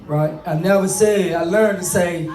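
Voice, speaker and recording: A man's voice: high-pitched, a little slow, a little mellow, far from the mic. Middle-aged man, earnest and conversational, speaking to an audience on fatherhood; echoey room, sitting back from the mic. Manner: earnest, conversational, repeats and restarts. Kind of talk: motivational talk to an audience.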